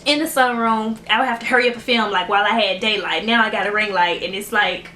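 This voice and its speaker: A woman's voice: mid-range voice, fast talker, pushed and bright, reverberant, slight background noise. A woman YouTuber, chatting emotionally and gratefully to camera in a casual vlog at home. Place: room at home lit by ring light.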